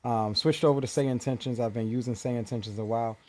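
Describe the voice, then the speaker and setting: A man talking in casual podcast chat, measured and relaxed with frequent fillers. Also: medium pitch. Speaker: podcast guest.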